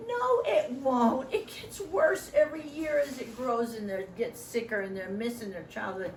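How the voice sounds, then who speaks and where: A woman's voice: on the high side, moderate pace, few pauses, echoey room, distant mic, a little hiss or hum, poor audio. A middle-aged woman training volunteers in a meeting room, joking often and acting out what other people say. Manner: animated, joking, acts out quoted voices.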